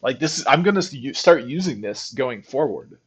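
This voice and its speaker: A man giving casual, rambling commentary while testing an app he built, excited and full of restarts. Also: mid-range voice, fairly quick, breathy edge. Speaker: programmer testing his own app. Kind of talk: casual screen-recording commentary.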